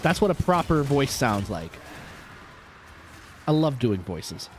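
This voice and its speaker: A man from the United States talks casually over a live game stream, his voice rising and dipping all over as he jokes with chat. His pitch sits mid-range, and a faint ambient hum is heard behind him. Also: takes it slowly. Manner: jokey, animated, chatting with viewers. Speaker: vtuber streamer.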